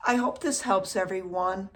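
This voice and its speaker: Speaking at a normal pace in a mid-range voice, a middle-aged woman teaches drums informally, counting the beats out loud and checking in with "okay?" after almost every phrase.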